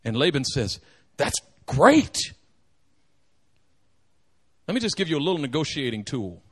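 A man preaching a sermon, animated and joking, acting out the quotes. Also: medium pitch, fast talker, breathy edge. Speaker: pastor.

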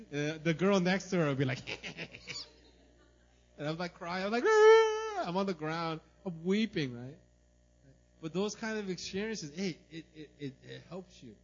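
A man preaching a sermon in a church, telling a personal story in an animated way and often asking "right?". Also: mid-range voice, slight background noise. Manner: animated, tells stories, repeats "right?". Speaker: pastor. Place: church service. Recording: dull lo-fi recording.

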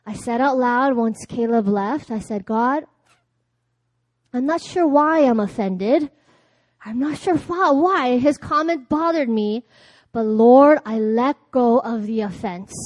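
Woman preacher, high voice, dry close sound, lively storytelling sermon, acts out conversations. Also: dry recording. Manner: storytelling, acting out dialogue, laughing often. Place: church.

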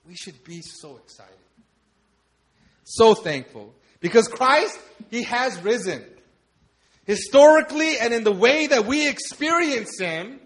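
A man preaching a sermon, building emphatic repeated phrases up to loud declarations. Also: high voice.

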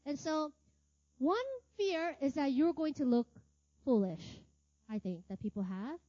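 A woman's voice: sits high, expressive, a little slow, dark tone, dry recording, dull audio. A woman teaching a casual sermon, chatty and full of laughter, with lots of filler words and "right?" tag questions. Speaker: ministry teacher.

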